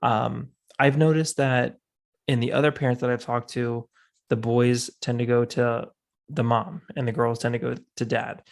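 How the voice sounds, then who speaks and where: A man's voice: mid-range voice, level tone, normal speed, gravelly. A man talking as a guest on a casual podcast, readily agreeing and adding his own thoughts. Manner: agreeable, frequent affirmations.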